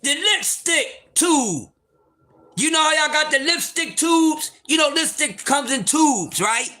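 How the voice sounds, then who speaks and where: A man with a very high, bright voice tells a story on a livestream. His pitch swings widely, and he often gets loud and profane as he laughs his way through it. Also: animated, slow pace. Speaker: livestream host.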